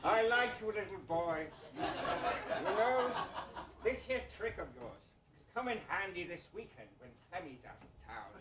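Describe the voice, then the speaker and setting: A man playing a gruff, lecherous middle-aged statesman in a comedic audio play, with a crude, chuckling, drawling delivery. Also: high voice, very animated, normal speed, pauses often, a bit bright. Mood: leering.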